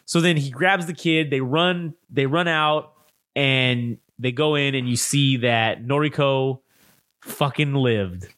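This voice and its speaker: A male podcast co-host talking through a film plot in loose, profane chat. He's animated and keeps acting out the characters' lines. His voice sits mid-range and sounds close and dry, with no room around it. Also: mid-range voice, slow pace, no echo. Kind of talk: casual film review chat.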